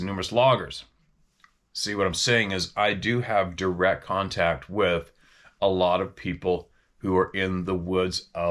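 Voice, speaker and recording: A man's voice: low-pitched, a bit bright. A man hosting a casual talk, a former hunting guide telling stories in a rambling, questioning way. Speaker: host.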